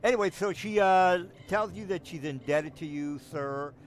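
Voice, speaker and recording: A man's voice: sits high, moderate pace, slight background noise. A man narrating a tabletop game as game master, stalling often with fillers and restarting his sentences. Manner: hesitant, full of fillers and restarts.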